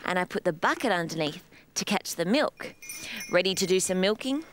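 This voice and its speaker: An Australian woman presenting a children's show, gently coaxing and explaining step by step. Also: lowish voice, lively intonation, moderate pace, a little hiss or hum.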